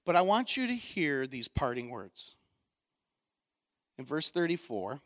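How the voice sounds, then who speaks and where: High-voiced man preaching with rising fervor. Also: unhurried, pauses often. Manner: animated preaching, rising loud on key points, folksy asides. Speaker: pastor. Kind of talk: sermon.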